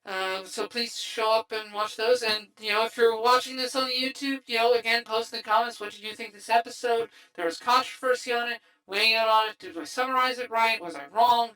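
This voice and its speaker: A man's voice: very high voice, steady tone, a little fast, hardly any pauses, pushed and bright, poor audio. A man hosting a livestream through a voice changer, rambling casually with lots of fillers and restarts. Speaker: streamer host. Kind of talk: casual stream wrap-up chat.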